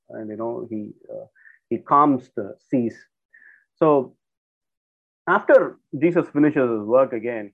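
A man giving an informal Bible teaching, retelling the stories conversationally with many fillers. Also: medium pitch. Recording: narrow phone-like audio.

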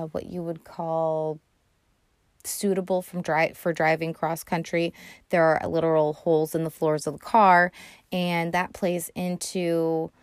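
A woman's voice: fairly low pitch, darkish tone, dry recording. Chatty sarcastic woman podcast host. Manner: chatty, profane, sarcastic retelling with fillers. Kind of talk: casual movie recap.

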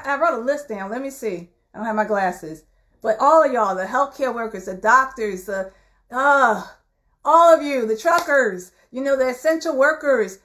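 Folksy woman podcast therapist. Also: on the high side. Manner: casual and folksy, says y'all, softens to near-whisper when reassuring. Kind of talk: motivational podcast talk.

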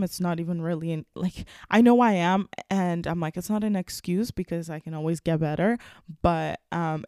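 A woman's voice: fairly low pitch, a little mellow, no room sound, clean studio sound. A young woman hosting her own podcast, talking casually and frankly, with lots of fillers and frequent laughs. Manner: frank, chatty, filler-heavy, laughs often. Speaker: podcast host. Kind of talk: casual solo podcast talk.

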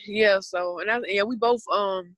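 A young woman with a Southern US accent talks in a loose, rambling, earnest way, as if in casual podcast chat. Her voice sits at a middle pitch. The sound is dry and close, with no room around it. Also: fairly even intonation, slow pace, a bit bright, dry recording. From Southern United States. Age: 20s.

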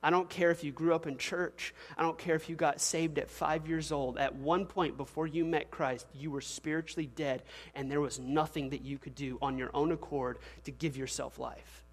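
A man in his thirties preaching from the pulpit, his voice sitting a little high for a man. He tells stories with quick laughs and acts out quotes. Long reverb hangs in the sanctuary around him. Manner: animated storytelling with laughs and acted quotes. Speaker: pastor. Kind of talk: sermon. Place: church sanctuary.

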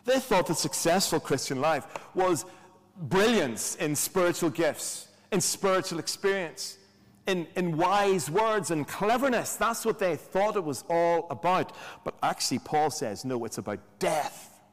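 A man's voice: on the high side, expressive, unhurried. A man preaching a sermon in a conversational way, with rhetorical questions and dry humor. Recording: long hall reverb.

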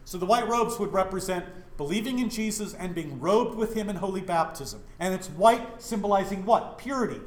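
Speaking in a high voice at normal speed with hardly any pauses, this middle-aged Wyoming pastor animatedly quizzes his Bible study group. The church setting makes the sound reverberant.

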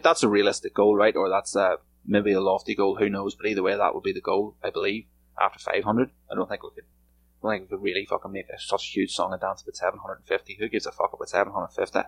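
A man's voice: on the low side, gravelly, low-quality recording. A man hosting a solo podcast from a room at home, rambling casually and swearing freely. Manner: rambling, profane and laid-back. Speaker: podcast host.

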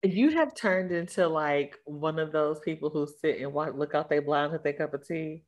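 A woman in casual chat, blunt and animated, talking in quick bursts. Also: sits low.

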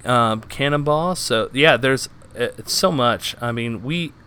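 Male podcast host, smooth clear voice, upbeat casual chat. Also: medium pitch, a little slow, sharp tone. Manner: enthusiastic, upbeat sign-off.

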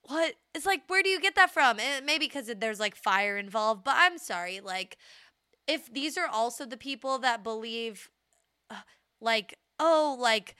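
A woman co-hosting a podcast in casual chat, animated and sarcastic, with many fillers. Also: fairly high pitch, unhurried, clear, resonant tone, no echo, clean studio sound. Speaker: podcast co-host.

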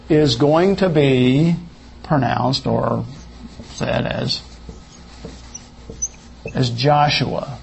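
A man teaching a Bible study lesson in an unhurried, explanatory way, correcting himself as he goes. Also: on the high side, creaky, a little mellow, breathy edge.

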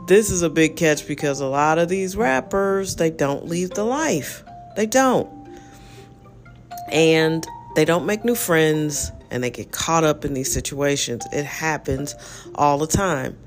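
A man's voice: a little high, a little slow, soft background music. A man hosting a casual solo podcast, talking in a rambling, frank way full of fillers. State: yawning, relaxed. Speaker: podcast host.

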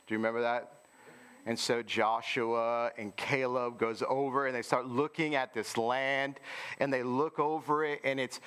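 A man's voice: medium pitch, a bit bright. A man preaching a sermon in an informal, conversational way, often asking listeners rhetorical questions.

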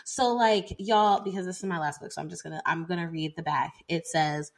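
Young woman co-host with a lowish voice, chatty and loose in a casual book talk. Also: fairly even intonation, quick pace. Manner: chatty, heavy use of "like" and "y'all". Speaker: podcast co-host.

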